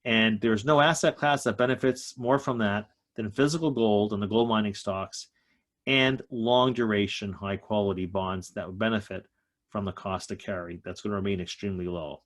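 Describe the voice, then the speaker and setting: Emphatic man, low-voiced economist. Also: fairly even intonation, normal speed. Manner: emphatic, stresses key points. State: slightly out of breath. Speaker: economist guest speaker. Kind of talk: economic talk to a group.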